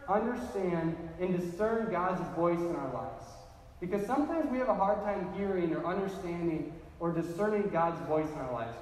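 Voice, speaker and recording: A man's voice: high voice, a little mellow, slight background noise. A man preaching a sermon as pastor, in a chatty style that keeps checking in with "right?". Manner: conversational, keeps asking "right?". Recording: echoey hall, distant mic.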